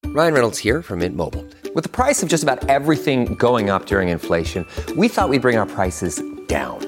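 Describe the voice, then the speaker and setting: A man's voice: medium pitch, big pitch swings, fairly quick. A man reading a scripted ad with a dry, wry delivery. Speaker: ad spokesman. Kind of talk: scripted ad read. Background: music.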